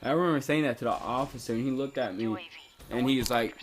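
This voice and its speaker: A man's voice: mid-range voice, fast. A young man vlogging a casual storytime, rambling and laid-back, with lots of "like" fillers.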